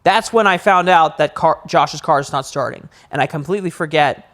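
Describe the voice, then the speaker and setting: A young man with a fairly high voice tells a story on a casual podcast. He talks loosely and jumps even higher and louder when he replays his own panic. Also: brisk. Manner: animated storyteller, rises high acting out panic. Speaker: podcast co-host.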